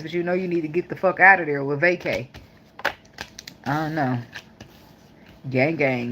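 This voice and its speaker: Low-voiced blunt woman tarot reader. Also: noisy background. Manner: blunt, profane and joking. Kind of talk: casual tarot reading.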